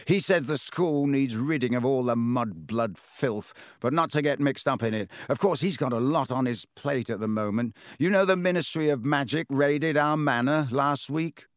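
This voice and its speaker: A man reading as a smug, boastful rich schoolboy who drops his bragging in an offhand way. The sound is dry and close, at the reader's normal pitch. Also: moderate pace, hardly any pauses, no echo, lightly acted.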